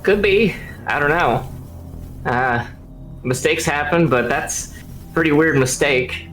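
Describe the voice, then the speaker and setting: A man's voice: on the high side, expressive, takes it slowly, a bit bright, soft background music, poor audio. A man voicing a chatty, impatient floating skull with a nasal voice, in a tabletop game. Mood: offhand. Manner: casual, folksy, calls others "Chief".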